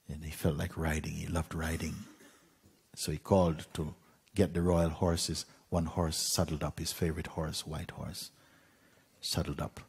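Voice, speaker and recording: A man gently telling a parable as a spiritual teacher, unhurried, with pauses and soft fillers. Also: very deep voice, little pitch movement, vocal fry, breathy edge. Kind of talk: gentle spoken storytelling.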